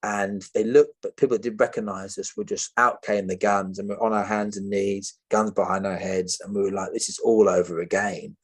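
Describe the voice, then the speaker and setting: A man, a podcast guest telling a story with lively energy, who acts out the voices of other people and often laughs. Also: lowish voice, brisk, few pauses, husky.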